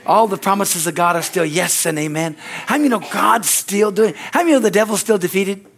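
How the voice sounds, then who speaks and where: A man's voice: fast talker, vocal fry, fairly bright tone. A male pastor preaching energetically, calling out amen and hallelujah and acting out little dialogues. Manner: acts out little dialogues with sudden high-pitched voices. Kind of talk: sermon.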